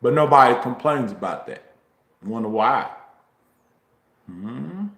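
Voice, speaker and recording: A man with a drawl talks slowly and unhurriedly in a casual livestream chat, rambling from point to point. His mid-pitched voice comes through a phone mic and has a roomy echo around it. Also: expressive, gravelly, a bit bright. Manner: slow, drawn-out, rambling talk with frequent ums. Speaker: YouTuber streaming a chat. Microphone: phone, recorded while walking.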